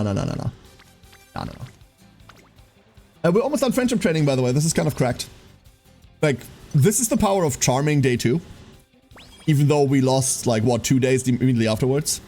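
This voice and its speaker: A man's voice: medium pitch, darkish tone. A man chatting casually on a live stream while playing a game, swearing freely and laughing often.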